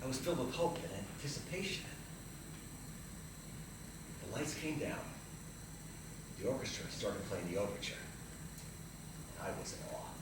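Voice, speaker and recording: Solo comic performer, male, pitch swinging widely, heard from far off in a reverberant theater with hiss behind him. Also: normal speed, pauses often. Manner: animated, stammering restarts, jokes with the audience. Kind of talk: comic solo stage storytelling. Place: theater stage with a live audience.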